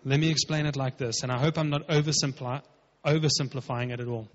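A man's voice: mid-range voice, steady tone, fast. A man preaching a sermon as pastor, emphatic and conversational, acting out quotes. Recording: dull, lo-fi with long hall reverb.

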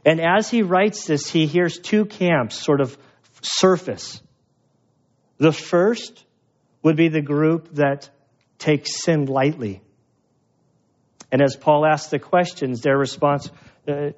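A man's voice: a little high, slow pace, long pauses, lo-fi sound. A man, a pastor, preaching a verse-by-verse sermon in a conversational, emphatic way with self-deprecating humor. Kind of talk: expository sermon.

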